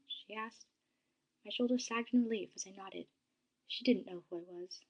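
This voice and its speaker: A woman narrating a first-person story in a soft, dramatic reading voice that drops to a hush at times. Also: medium pitch, normal speed, long pauses, highs cut off.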